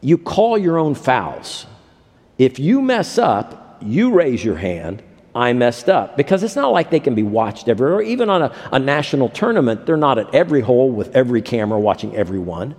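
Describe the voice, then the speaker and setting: A man's voice: medium pitch, big pitch swings, normal speed, darkish tone. A man preaching a sermon in a storytelling way, slipping into the voices of the people in his anecdotes. His words ring out with a long reverb from a large hall. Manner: storytelling, acts out quoted voices. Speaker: pastor.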